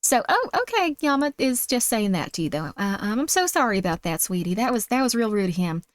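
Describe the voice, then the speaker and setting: A young woman streamer with a squeaky voice and a put-on Southern accent, chatting sweetly with viewers and calling them sweetie. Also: big pitch swings, fairly quick, no echo. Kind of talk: casual livestream chat.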